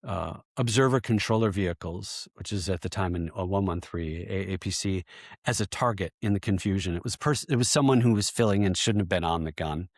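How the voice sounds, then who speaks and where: A man in his fifties, a veteran podcast guest, telling army stories in a casual interview, lively and laughing as he acts out the shouting. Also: low voice, fairly quick, no echo, clean studio sound. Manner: animated storyteller who acts out shouted quotes and often laughs.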